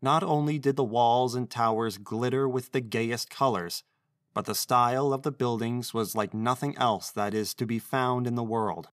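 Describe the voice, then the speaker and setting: A man's voice: mid-range voice, dry recording, clean studio sound. Man reading a classic storybook aloud. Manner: measured, expressive. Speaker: narrator.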